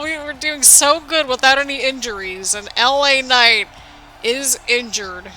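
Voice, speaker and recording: Woman, bright sharp voice, excitable game commentary, anxious exclamations, talks straight to viewers. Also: high-pitched, measured pace, faint music behind, low-quality recording. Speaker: gaming video host. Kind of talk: excited play-by-play commentary over a wrestling video game.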